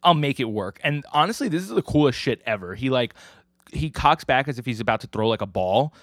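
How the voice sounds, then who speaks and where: A man's voice: medium pitch, very animated, brisk, dry recording. Podcast guy rambling through a recap, lots of "like", mid voice, dry close mic. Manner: rambling, filler-heavy storytelling. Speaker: podcast co-host. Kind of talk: casual chat recapping manga.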